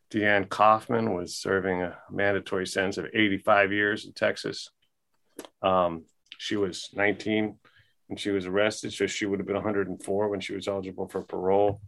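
A man's voice: on the low side, pushed and bright. A man guest on a podcast, telling a long story casually with many fillers and restarts.

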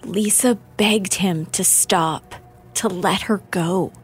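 Slow low-voiced lady narrating a crime doc, grave and measured, faint music under it. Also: slightly rough. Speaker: documentary narrator. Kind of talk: scripted true-crime narration.

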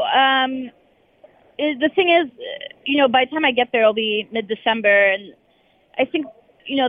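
A woman's voice: a little high, no room sound. A woman correspondent answering interview questions casually, hesitating with many fillers and restarts, heard over a phone call. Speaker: foreign correspondent guest. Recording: tinny phone line.

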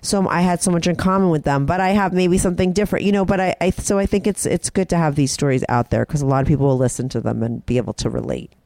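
A man's voice: on the high side, quick pace, vocal fry, few pauses, darkish tone, dry recording. A man hosting a call-in podcast, chatting casually and affirming his caller. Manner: easygoing, affirming listener. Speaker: podcast host. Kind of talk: casual interview chat.

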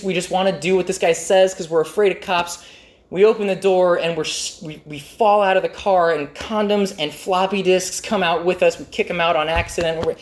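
A man telling a comic personal story in an animated, self-mocking way. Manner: animated, self-mocking, with jumpy pitch swings for emphasis.

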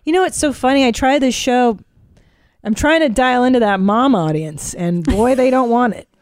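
A woman's voice: a little high, moderate pace, no room sound. Teasing woman podcast host, dry sound. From Hungarian family. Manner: playful, teasing, swears. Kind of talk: casual chat.

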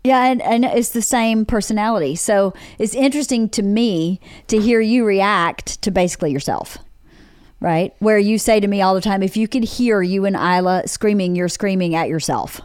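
A woman's voice: mid-range voice, moderate pace, darkish tone, clear, resonant tone, no echo, studio quality. A middle-aged woman hosting a casual chat, reflecting on her family and laughing easily. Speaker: podcast host, wife. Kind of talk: casual conversation.

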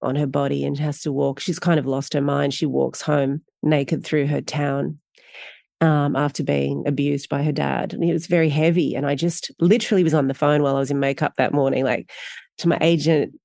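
A middle-aged Australian woman, a guest actor, tells stories in a casual interview, laughing often and speaking animatedly in quick bursts. Her voice is deep and gravelly, recorded in studio quality with no echo.

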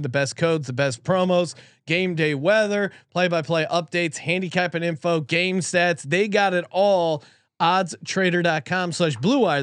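A man hosting a sports betting podcast, joking around and rattling off quick sponsor reads. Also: fairly high pitch, no echo, studio quality. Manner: jokey, laughing often, quick ad patter. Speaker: podcast host.

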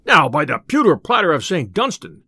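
A man's voice: sits high, sing-song, moderate pace, no room sound, studio quality, heavily acted. A man reading aloud, voicing a boisterous, boastful male tinker in an audiobook tale. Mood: gruff. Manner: loud, boastful old-style speech.

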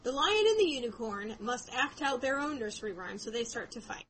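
A woman with a fairly quick, higher-pitched voice co-hosts a podcast, retelling a book in casual, expressive chat with plenty of laughter and voices for the quoted characters. The low-quality recording carries a little hiss or hum.

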